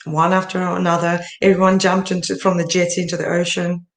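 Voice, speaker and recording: A woman tells a personal story at a summit in a lowish voice. She talks earnestly, with many fillers and restarts, and the room around her is echoey. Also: level tone, a little fast. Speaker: summit speaker.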